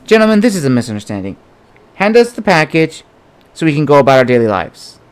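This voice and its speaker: A man voicing a bold, defiant young Spartan fighter who throws out sharp, loud threats. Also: on the high side, very animated, fast talker, clean tone.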